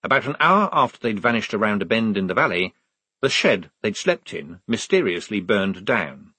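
A man narrating a storybook with a wry, expressive reading. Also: lowish voice, normal speed, breathy edge. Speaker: audiobook narrator.

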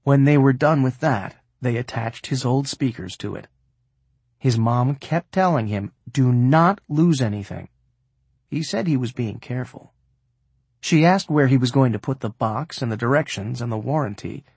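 Husky male audiobook narrator. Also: medium pitch, moderate pace, dry recording. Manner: expressive, voices the characters.

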